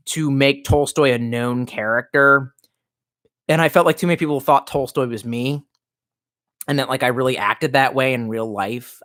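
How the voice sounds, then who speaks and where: A man's voice: mid-range voice, a bit bright. Profane, rambling man with a swooping voice. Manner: profane, rambling, tipsy with vodka. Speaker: streamer reading live chat. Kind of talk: casual rambling livestream chat.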